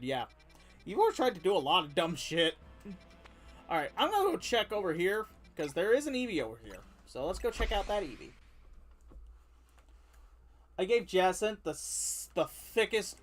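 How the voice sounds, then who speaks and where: Rambling streamer with lively pitch. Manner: rambling, laughing, trailing off mid-word. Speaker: game streamer. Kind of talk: casual gameplay chat.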